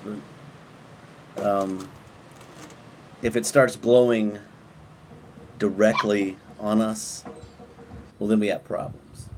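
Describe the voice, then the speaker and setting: A middle-aged man rambles to viewers on a live stream outdoors at night. He drawls at an unhurried pace. Gusts of wind rumble against the microphone behind his voice. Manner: relaxed and rambling, chatting to viewers, trailing off and restarting. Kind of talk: casual live stream chat. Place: outdoors at night, windy, on a porch. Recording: wind noise on the mic outdoors.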